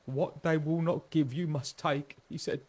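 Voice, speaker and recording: A man's voice: on the high side, fairly even intonation, a little slow, a little mellow, voice pushed up. A man doing a terrified, stammering refugee. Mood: frightened. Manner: stammering, fearful. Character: terrified male refugee, shaky and guilt-ridden.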